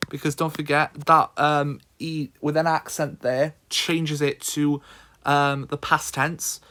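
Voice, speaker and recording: A man's voice: a little high, little pitch movement, takes it slowly, pushed and bright, a little hiss or hum. A man tutoring in a casual screen-recorded lesson, thinking aloud with frequent ums.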